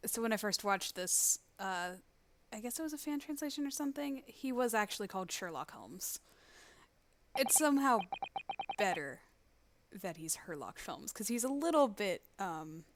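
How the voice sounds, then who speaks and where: A woman's voice: mid-range voice, big pitch swings, normal speed. A woman giving casual, rambling, self-deprecating commentary while playing a game. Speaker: let's play host. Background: loud game music.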